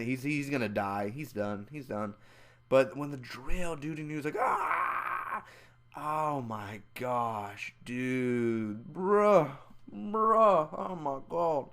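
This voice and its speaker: A young man giving a casual, loud and excitable spoiler review, full of slang, who acts out the scenes with high squeals and screams. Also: takes it slowly. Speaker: movie reviewer.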